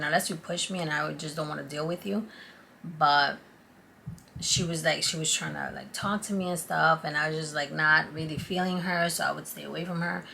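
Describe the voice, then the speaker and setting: A woman vlogger telling a personal story to the camera in a casual, animated and confiding way. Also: low voice, creaky, a little hiss or hum. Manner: animated, confiding, acts out quotes.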